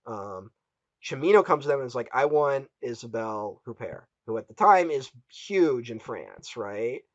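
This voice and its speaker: A man's voice: mid-range voice, sing-song, normal speed, dry recording, lo-fi sound. A man hosting a casual film podcast, retelling a story with quotes he acts out. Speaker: podcast host.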